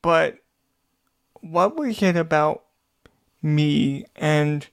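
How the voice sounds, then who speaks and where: A man hosting a casual interview, speaking in an unhurried and affirming way to a friend who is his guest. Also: fairly high pitch, gravelly, clear, resonant tone. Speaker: podcast host.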